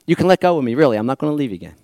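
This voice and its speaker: A man preacher voicing a gentle teacher who soothes and coaxes a clinging follower. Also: medium pitch, expressive, very fast, dry recording, clean studio sound, natural voice. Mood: tender coaxing. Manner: soothing, coaxing, repeats her name.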